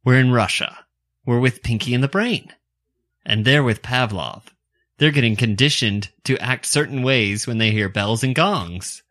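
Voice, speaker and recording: A man's voice: medium pitch, measured pace, a bit bright. Man tossing out dry short quips. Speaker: podcast co-host. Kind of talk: casual chat.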